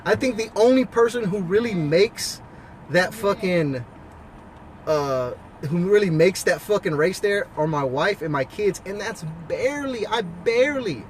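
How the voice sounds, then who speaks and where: Standing outside with soft traffic noise in the background, a high-voiced man, a husband and father, lectures the listener directly with blunt, profane, preachy life advice. His delivery is expressive yet unhurried, a casual monologue to camera.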